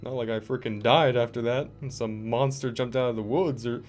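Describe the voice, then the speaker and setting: A man's voice: mid-range voice, normal speed. A young man casually telling a story while playing a game, rambling with many restarts and filler words. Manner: rambling, lots of "like" and restarts, animated retelling. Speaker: gaming vlogger. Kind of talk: casual storytelling over gameplay. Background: faint background music.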